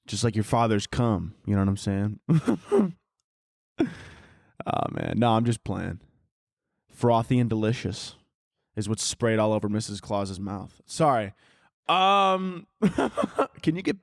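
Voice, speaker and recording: A man's voice: on the low side, moderate pace, dry recording, studio quality. A man hosting a podcast at home, rambling through a crude comedic monologue and laughing at his own jokes. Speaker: podcast host. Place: home, downstairs by a Christmas tree.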